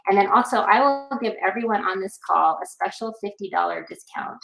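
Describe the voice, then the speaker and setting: A woman's voice: medium pitch, animated, a little fast, gravelly, fairly bright tone, reverberant, rough recording. A woman guest on a video call, talking in an upbeat, rambling way with many fillers. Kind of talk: casual video call pitch.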